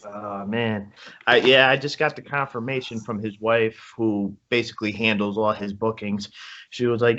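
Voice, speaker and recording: A man's voice: on the low side, moderate pace. A man hosting a podcast, chatting casually and telling stories. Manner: lively, animated storyteller. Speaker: podcast host. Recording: lo-fi video call audio.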